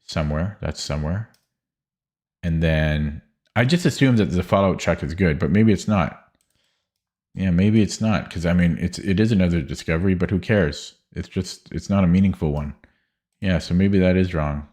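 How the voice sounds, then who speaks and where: Deep-voiced man muttering chess calculations. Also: normal speed, darkish tone. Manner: hesitant, muttering, many fillers and restarts. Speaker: streamer. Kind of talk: thinking aloud while solving chess puzzles.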